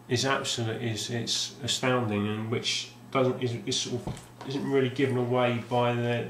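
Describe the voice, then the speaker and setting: With a mid-range, fairly bright voice, this man rambles through a casual tour of his game collection, hesitating often with ums and restarts. Faint ambience and slight background noise fill the roomy recording.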